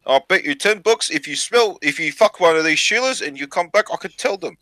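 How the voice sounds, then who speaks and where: A man's voice: a little high, animated, brisk, bright, forceful tone, no echo, pitched above the performer's own voice. A man voicing a crude, boastful old village chief in a joke, raised well above his own voice.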